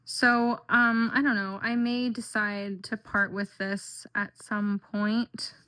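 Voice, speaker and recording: A woman talks through her deck collection like a casual vlog. Her voice sits at an ordinary middle pitch. Her speech rambles, looping back with frequent "like" and "um" as she thinks aloud. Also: level tone, slow, pushed and bright. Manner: chatty and rambling, with frequent fillers and "like". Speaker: tarot and oracle deck vlogger. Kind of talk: casual chat.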